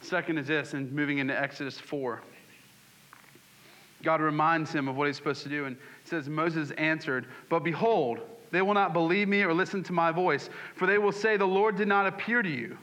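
A man's voice: fairly high pitch, normal speed, sharp tone. A man preaching a sermon, asking the congregation questions and acting out scripture scenes. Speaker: pastor.

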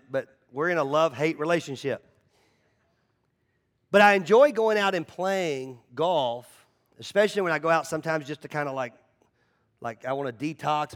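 Animated, high-voiced male pastor preaching. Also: brisk. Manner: animated storytelling, repeats words, acts out voices. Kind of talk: conversational sermon.

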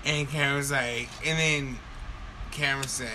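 A young man in casual chat telling a heated story, animated and profane. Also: mid-range voice, measured pace. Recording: noticeable background noise.

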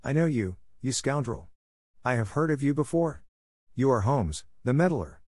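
A man's voice: mid-range voice, expressive, normal speed, a little mellow, dry recording, studio quality, voice pushed up, natural voice. A man doing a blustering, menacing old doctor. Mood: threatening. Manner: blustering, threatening. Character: huge fierce old country doctor, menacing.

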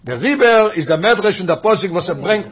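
A man's voice: sits high, expressive, fairly quick, slightly rough. A man teaching a religious text class, working through sources with repeated questions and mixing English with Hebrew and Yiddish terms. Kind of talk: lesson on a Talmudic text.

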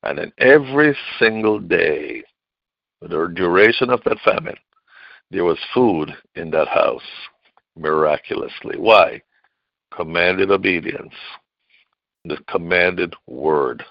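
A man preaching a sermon with call-and-response, repeating key phrases and swinging from loud declarations to low murmurs. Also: lively intonation, slow pace, vocal fry, long pauses, no echo. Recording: dull lo-fi recording.

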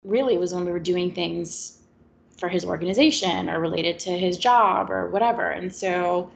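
A woman's voice: fairly low pitch, moderate pace, gravelly. A woman in her twenties chatting candidly and reflectively, with a touch of sarcasm. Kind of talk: casual chat.

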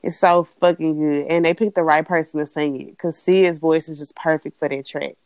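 A young woman co-hosting a casual chat, blunt and animated, swearing freely as she rants. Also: low-pitched, moderate pace, dry recording. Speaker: podcast co-host.

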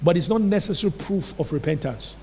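A man's voice: a little high, lively intonation, a little fast, vocal fry, a little mellow, slight background noise. A pastor preaching a sermon in a church, emphatic and asking his congregation rhetorical questions. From Nigeria. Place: church hall. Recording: long reverb of a church hall.

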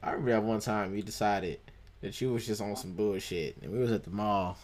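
A man's voice: lowish voice, brisk, a little mellow. A young man in a casual chat with friends, joking, laughing often and acting out stories.

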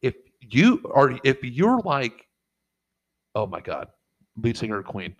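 Middle-aged man, casual chat, swearing freely, rambling, mid-pitched voice, jumps into quoted voices. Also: huge pitch swings, slow pace, rough recording. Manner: profane, rambling storyteller who acts out quotes. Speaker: podcast co-host and father.

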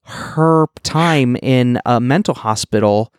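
A man's voice: mid-range voice, slow, clear, resonant tone, dry recording, clean studio sound. A man co-hosting a podcast, recapping a movie in rambling, wry casual chat. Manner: rambling, many fillers and restarts, wry. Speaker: podcast co-host.

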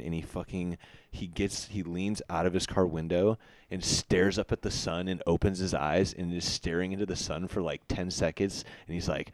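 A man's voice: deep voice, little pitch movement, normal speed, dry recording. A man as a podcast guest, telling stories in a casual chat, laughing and swearing often. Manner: profane, laughing storytelling.

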